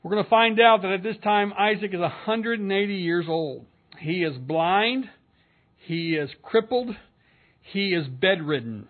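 Male pastor, earnest expository sermon, high-pitched, thin telephone-line quality. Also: lively intonation, measured pace. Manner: earnest, reads scripture aloud and comments between verses. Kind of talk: expository sermon with scripture reading. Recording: narrow phone-like sound.

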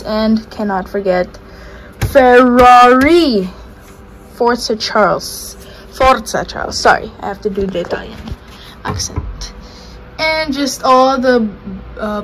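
A woman's voice: medium pitch, slight background noise, rough recording. A young woman vlogger casually narrating a tour of her dorm room, listing her things in an offhand way. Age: young adult. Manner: listing items in a relaxed, offhand way.

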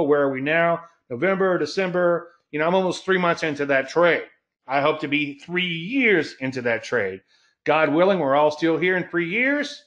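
A man's voice: on the high side, a bit bright, muffled recording. Folksy, emphatic male trading show host. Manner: folksy and emphatic, stretches key words slowly, chuckles at own jokes. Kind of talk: solo market talk show.

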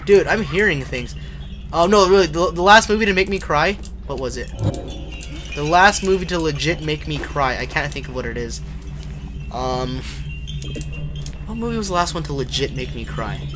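A young man livestreaming a horror game, chatting casually with viewers, joking and shouting when startled. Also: fairly high pitch, lively intonation, normal speed, over music. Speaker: livestreaming gamer. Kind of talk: casual live gameplay commentary.

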